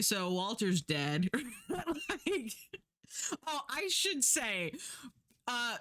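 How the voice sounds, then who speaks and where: A young woman streaming from home, telling the plot of a book in loose, rambling casual chat. Her voice swings widely in pitch as she jumps into high, exaggerated voices for the characters, with frequent swearing and laughter. Her voice sits in a middling register. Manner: animated, acts out quotes in high voices, swears, laughs often.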